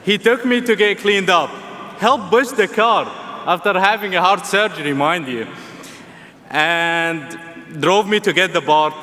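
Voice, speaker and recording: Speaking unhurriedly in a high, sharp tone, this young adult student from Egypt, with an Egyptian Arabic accent, delivers a humorous, sincere commencement address. Long reverb from the vast arena fills the recording, which also carries a little hiss or hum.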